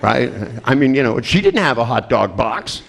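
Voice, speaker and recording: A man at a seminar who tells a comic story with plenty of energy. His voice sits at a middle pitch. He laughs through his own lines and often trips and restarts mid-sentence. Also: sing-song, moderate pace, creaky, a bit bright. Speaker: seminar presenter.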